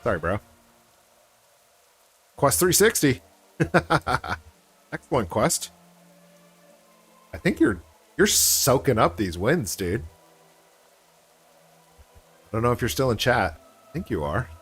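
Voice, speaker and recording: A man's voice: mid-range voice, very animated, unhurried, pauses often, fairly bright tone, slightly rough. A man hosting a casual game livestream, chatting in a laid-back way and laughing often. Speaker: streamer.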